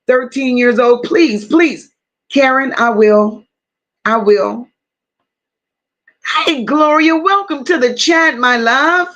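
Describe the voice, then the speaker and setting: High-voiced woman greeting live chat. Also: takes it slowly, long pauses, lo-fi sound. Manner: warm, affectionate, calls viewers baby and boo; casual, swears freely, reads chat aloud. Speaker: livestream host.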